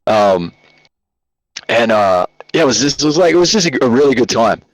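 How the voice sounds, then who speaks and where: A man's voice: mid-range voice, big pitch swings, normal speed, dry recording, poor audio. A man with an Australian accent, a guest telling rambling, joking stories in a casual interview over a call. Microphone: video call.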